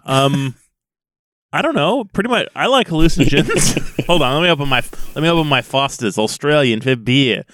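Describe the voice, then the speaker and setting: A man's voice: fairly high pitch, lively intonation, moderate pace, a bit bright, no room sound. A man co-hosting a casual podcast, joking and laughing often as he tells stories. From USA. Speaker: podcast co-host. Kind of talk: casual chat.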